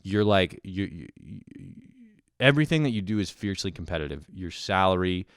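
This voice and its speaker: A very deep, smooth male voice delivering a profane, sarcastic rant straight into a close mic. The sound is dry, with no room echo. He talks loosely and casually, like a podcast host complaining to his listeners. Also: lively intonation, a little fast.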